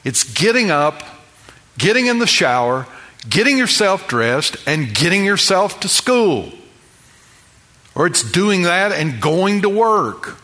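A middle-aged male pastor preaching with a bright, forceful tone and an unhurried delivery. He drives each point home through repetition, stacking one phrase on the next. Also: high-pitched, sing-song. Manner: emphatic, builds with repeated phrases. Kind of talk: sermon.

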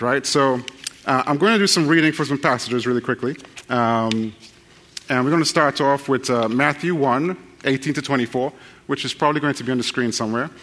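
Male preacher, casual and joking, average pitch. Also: fairly bright tone, in a large hall, slight background noise. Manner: folksy, joking, addresses the crowd directly. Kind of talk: sermon with fast scripture reading.

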